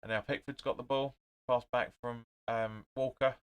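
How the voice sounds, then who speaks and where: A young man hosting a live football watch-along, calling the play in short bursts, reading out viewers' comments and getting excited and swearing at his team. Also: medium pitch, normal speed, smooth.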